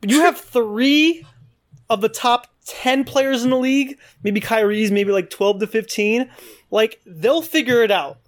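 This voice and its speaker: A man's voice: extremely high pitch, measured pace. A man co-hosting a sports talk show, assertively laying out odds and arguments. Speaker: co-host. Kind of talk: casual sports debate.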